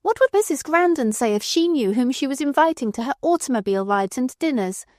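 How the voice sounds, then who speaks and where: A woman voicing a furious, shrill young woman who shouts accusations at her aunt, in an audiobook. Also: animated, fairly quick, no echo, studio quality. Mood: scornful. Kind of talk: audiobook character voice.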